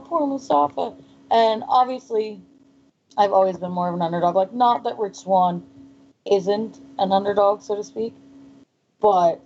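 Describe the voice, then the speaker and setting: A woman co-hosting a podcast, playful and quick to apologize, swearing casually. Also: medium pitch, dark tone. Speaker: podcast co-host. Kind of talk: casual chat. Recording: dull lo-fi with faint noise.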